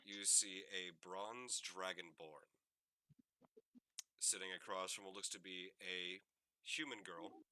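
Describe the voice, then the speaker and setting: A man's voice: low voice, sharp tone, no echo. A man running a tabletop game as game master, narrating loosely with many fillers. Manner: meandering, many "like" fillers, descriptive.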